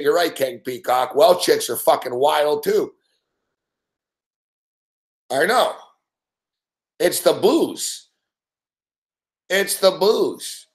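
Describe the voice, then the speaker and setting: A middle-aged Canadian man hosting a late-night betting stream, rambling and swearing constantly with frequent laughs. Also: on the high side. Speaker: host.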